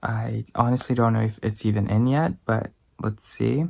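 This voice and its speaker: A young man from Canada, a student talking casually to the camera in a rambling, self-deprecating way that turns easily excited. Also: fairly low pitch, normal speed, vocal fry. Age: young adult. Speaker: student vlogger. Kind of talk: casual vlog talk to camera.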